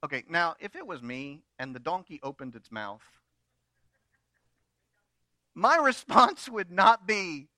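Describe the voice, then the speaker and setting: A man preaching to his congregation, telling a story with joking asides. His voice is high and bright, recorded close and dry with no room around it. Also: lively intonation, moderate pace, dry recording. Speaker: pastor. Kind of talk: sermon.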